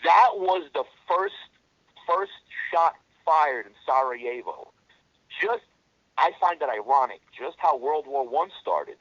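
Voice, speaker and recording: A man's voice: mid-range voice, animated, measured pace, a bit bright, dry recording, highs cut off. A man guest in an interview, telling a war story in blunt, profane language and often restarting his sentences. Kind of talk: casual storytelling.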